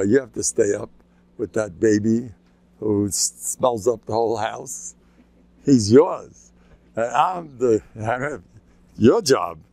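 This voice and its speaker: Gravelly older rabbi, joking and chatty. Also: male voice, on the low side, a little mellow, dry recording. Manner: chatty, joking, chuckles between stories. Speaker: rabbi giving a class. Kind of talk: informal humorous talk.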